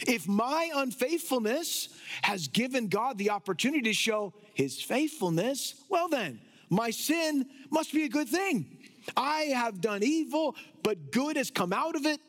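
A man doing a smug, high-voiced objector. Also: sing-song, measured pace, fairly bright tone, heavily acted. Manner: mocking, high and sing-song. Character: smug male objector excusing his sin.

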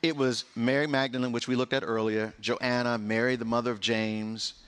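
A man pastor delivering a sermon, preaching with passion and sharp swings in pitch and pace. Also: steady tone, moderate pace, smooth.

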